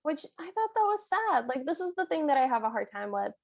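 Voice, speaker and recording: This chatty podcast co-host recaps a movie casually, reacting freely and giving her own opinions. Her voice sits high, sounds very animated, and moves fairly quickly.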